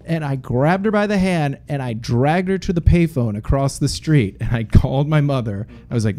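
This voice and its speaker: A man's voice: mid-range voice, brisk, gravelly. A man from Boston, a podcast co-host telling stories in a casual chat and putting on voices for the people in them. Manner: animated, puts on voices in his stories.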